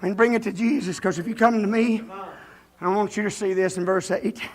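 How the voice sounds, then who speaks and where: A man preaching a revival sermon in a folksy way, breaking into shouts and chuckles. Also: high voice, fairly even intonation, a little fast.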